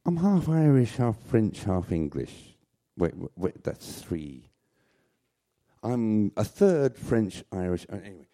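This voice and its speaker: A man's voice: fairly low pitch, big pitch swings, takes it slowly, mellow. An older man telling rambling, jokey, self-mocking stories on stage at a live venue. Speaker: storyteller.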